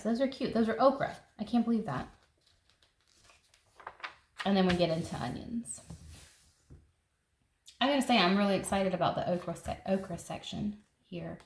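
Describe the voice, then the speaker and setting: A woman, chatting enthusiastically as she flips through a seed catalog for her gardening vlog and thinking aloud as she goes. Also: medium pitch. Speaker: gardening vlogger. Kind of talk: casual catalog flip-through. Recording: echoey room with faint noise.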